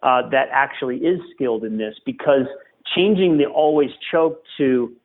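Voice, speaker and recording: A man speaking as a podcast guest, coaching parents in an earnest, emphatic way and hammering home key phrases. His voice sits at an average pitch. It comes through a narrow, tinny remote line that sounds like a phone call. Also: lively intonation, moderate pace. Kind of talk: podcast interview, advice.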